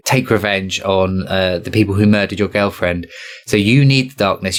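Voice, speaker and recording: A man with a lower-pitched voice co-hosts a video game podcast. He works through his views in a casual, analytical way, padding thoughts with fillers. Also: fairly bright tone. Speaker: podcast co-host. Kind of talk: casual game review chat.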